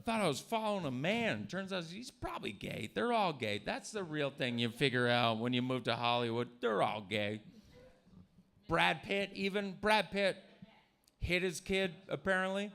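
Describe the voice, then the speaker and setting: Gravelly bright-voiced crude stand-up comic. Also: male voice, a little high, big pitch swings, normal speed. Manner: crude, provocative, jumps into mocking voices. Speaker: stand-up comedian. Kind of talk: stand-up set. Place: comedy club stage.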